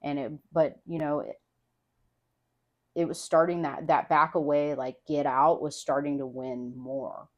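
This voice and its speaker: Low-voiced young woman, frank and rambling. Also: flat delivery, a little slow, muffled recording. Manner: frank, rambling, heavy on "like" fillers and swearing. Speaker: podcast guest, host's wife. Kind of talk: casual heartfelt conversation.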